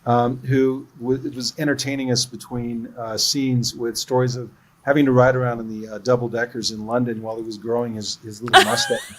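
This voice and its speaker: This is a man with a voice of ordinary, mid-range pitch, speaking as a film producer on a livestream. He tells behind-the-scenes stories in an earnest, conversational way. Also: flat delivery, fairly quick, poor audio. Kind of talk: livestream interview.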